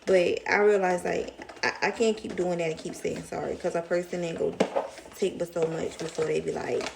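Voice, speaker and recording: A woman's voice: fairly low pitch, fairly even intonation, a little fast, gravelly, background noise. A young woman with a Southern US accent, rambling emotionally in a casual storytime vlog. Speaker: vlogger.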